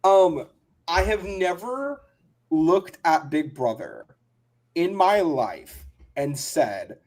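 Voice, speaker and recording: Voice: medium pitch, big pitch swings, very slow, darkish tone. A podcast co-host in casual chat, emphatic and repeating key words for stress.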